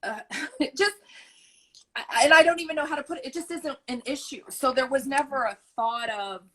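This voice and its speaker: Bright-voiced, candid mother in her forties. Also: high voice, moderate pace, poor audio. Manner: candid and rambling, laughs often. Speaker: guest, mother of a large family. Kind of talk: candid interview answers.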